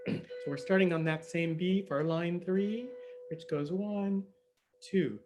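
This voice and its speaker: A man's voice: a little high, slow, over music. A man teaching a harp and singing workshop online over a video call, chatty and friendly, laughing often and counting in. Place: home room on a live video stream.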